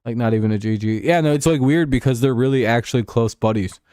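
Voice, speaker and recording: A man's voice: mid-range voice, quick pace, a little mellow, smooth, no echo. Profane, rambling man with a dry voice. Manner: profane, rambling, chuckling, answering chat. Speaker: streamer. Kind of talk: casual livestream sports chat.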